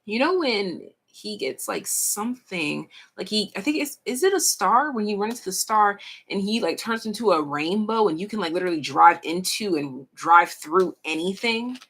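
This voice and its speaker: A young woman giving a casual pick-a-card tarot reading, frank and slangy, swearing freely and stretching out her pauses. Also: medium pitch, lively intonation, fairly bright tone, slightly rough. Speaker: tarot reader.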